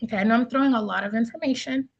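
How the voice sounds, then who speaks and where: A woman's voice: a little high, very fast, slightly rough, dull audio. A woman teaching an online astrology class, listing terms and then riffing on them with casual examples.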